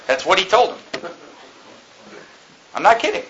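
Pastor, male, high bright voice, fiery preaching that swings between shouts and quiet asides, faint hiss behind. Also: huge pitch swings, a little slow, muffled recording. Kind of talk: sermon.

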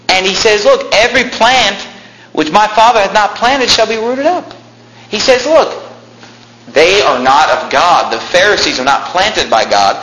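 A man preaching a fiery sermon, swinging between loud raised lines and quiet low ones. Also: roomy sound, low-quality recording.

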